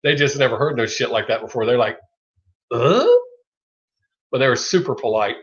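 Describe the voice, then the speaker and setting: Chatting casually on his livestream, a middle-aged man with a Southern American accent speaks quickly in a mid-range, somewhat bright voice. He rambles, curses without hesitation and laughs often, and the sound is lo-fi and muffled.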